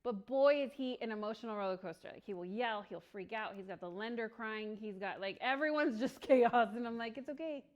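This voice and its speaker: A woman's voice: a little high, fairly quick, hardly any pauses. Chatty woman teaching a workshop. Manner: chatty, laughs often, acts out little dialogues. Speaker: real estate agent leading a training session.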